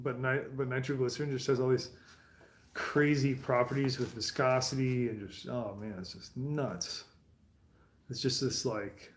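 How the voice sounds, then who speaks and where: A man talking casually in a rambling, profane monologue from his home garage, with laughing asides. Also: medium pitch. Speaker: streamer. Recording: roomy echo.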